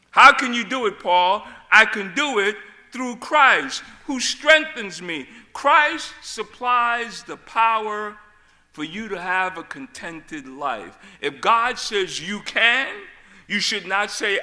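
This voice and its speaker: A man preaching a sermon, swinging between loud, emphatic shouts and quiet, low asides. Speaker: pastor.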